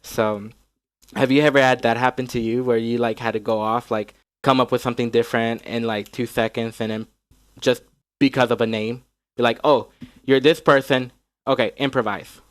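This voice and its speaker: A man's voice: mid-range voice, level tone, fairly quick, clean tone, no echo. A man from North Carolina chatting casually, rambling with lots of likes and restarts. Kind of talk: casual podcast chat.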